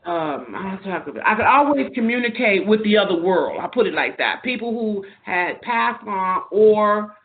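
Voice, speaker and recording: A woman's voice: medium pitch, lively intonation, normal speed, few pauses, a little hiss or hum. A woman guest in an interview, earnestly telling spiritual personal stories in long, loose anecdotes. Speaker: podcast guest. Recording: narrow phone-like sound.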